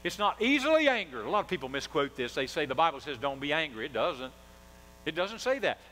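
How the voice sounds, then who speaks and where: Man, pastor, sermon, emphatic call-and-response, lively pitch, faint hum. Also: a little fast, rough recording.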